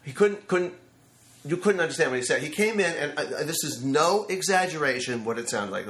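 A man's voice: fairly high pitch, fairly quick, roomy sound. A man in his fifties, a screenwriter guest telling stories on a studio mic, acting out the voices of people he quotes. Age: 50s. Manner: animated storyteller who acts out quotes. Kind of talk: anecdotal storytelling interview. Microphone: studio microphone.

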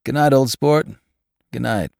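A man's voice: mid-range voice, measured pace, gravelly, darkish tone, no echo, studio quality, voice pushed up. A man doing an eager, charming rich host. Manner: eager, reassuring.

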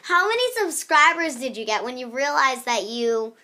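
Teen girl, interviewer, slightly high voice, eager, playful. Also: animated, moderate pace, sharp tone. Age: teens. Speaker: young interviewer. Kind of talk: casual interview chat.

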